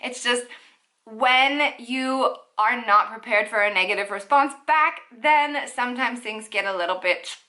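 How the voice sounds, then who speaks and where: Bright, chatty Canadian woman vlogger. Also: fairly high pitch, unhurried. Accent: Canadian English. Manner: chatty and upbeat, with playful asides. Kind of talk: casual vlog talk to camera.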